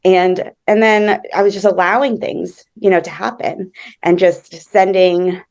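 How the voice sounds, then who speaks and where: A young woman speaking on a video call in a slightly low voice. She talks in a chatty, giggly, grateful way, with plenty of fillers and restarts. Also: steady tone, unhurried, creaky, darkish tone. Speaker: member sharing good news. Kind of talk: casual chat on a call.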